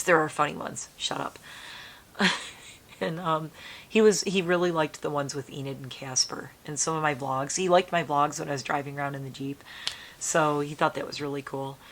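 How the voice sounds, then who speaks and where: Casting: middle-aged woman, low voice, casual rambling vlog chat, faint rumble behind. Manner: rambling, emotional, soft-spoken with laughs. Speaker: vlogger.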